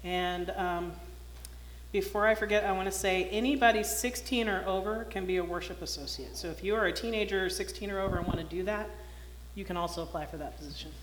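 Speaking a little fast in a mid-range voice, this woman minister brings a children's story to life and delivers announcements in a straightforward way during a service. The recording captures the roomy acoustics of the church sanctuary along with some faint noise.

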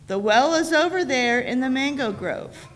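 A woman voicing a patient, fatherly male God in a folk tale, speaking in a measured, solemn way. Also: high voice, expressive, fairly bright tone. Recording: reverberant church sanctuary.

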